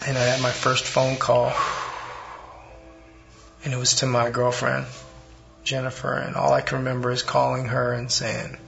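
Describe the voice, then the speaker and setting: Slow gravelly man telling his story. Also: medium pitch, completely flat delivery. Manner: earnest storytelling, re-enacting his own past words. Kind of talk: personal faith testimony. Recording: lo-fi with soft background music.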